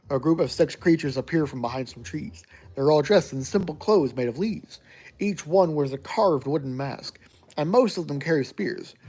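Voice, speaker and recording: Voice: medium pitch, warm tone, breathy edge. A player reading a choose-your-own-adventure gamebook aloud, narrating evenly and making wry asides.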